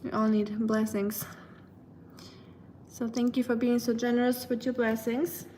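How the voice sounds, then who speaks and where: A woman live streamer chatting casually with her viewers, rambling with lots of fillers and quick laughs. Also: fairly high pitch, little pitch movement, mellow, a little hiss or hum. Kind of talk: casual chat reading viewer comments.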